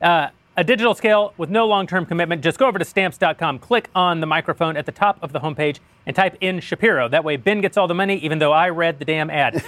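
A man's voice: fairly high pitch, expressive, fast talker, fairly bright tone, no echo. A man hosting a political podcast, reading a sponsor ad with wry jokes and frequent chuckles. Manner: wry, joking, chuckles often. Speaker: show host reading an ad. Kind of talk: casual podcast banter.

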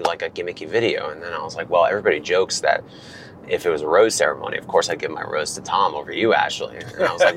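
A man in his thirties, animated, telling a long story in casual chat from a car and acting out the lines of others. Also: low-pitched, vocal fry, slight background noise. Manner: animated, acts out quotes from others. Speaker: guest.

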